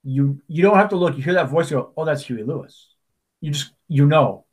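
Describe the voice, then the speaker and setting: Chatty man with a slightly high voice. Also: brisk, darkish tone. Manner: chatty storyteller, many restarts and asides. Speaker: podcast co-host. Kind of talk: casual chat.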